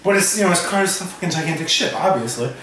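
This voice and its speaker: A man's voice: fairly high pitch, expressive, fast. A man improvising a comic tall tale, rambling and swearing, laughing often and filling gaps with "like", recorded from a distance in a very echoey space. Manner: rambling, profane, laughing, many fillers. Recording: very echoey, distant, crowd noise.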